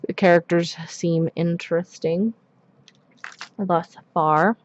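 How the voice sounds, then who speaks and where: A woman's voice: lowish voice, steady tone, takes it slowly, dull audio. Chatty woman rambling while doing nails. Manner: chatty, rambling, many ums and asides. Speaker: nail art streamer. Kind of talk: casual live-stream chat while working.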